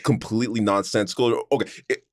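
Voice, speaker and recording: A young man co-hosting a podcast in casual chat, animated and quick to laugh. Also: fairly low pitch, dry recording, clean studio sound. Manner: animated, quick to laugh, imitates cartoon voices. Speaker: podcast co-host.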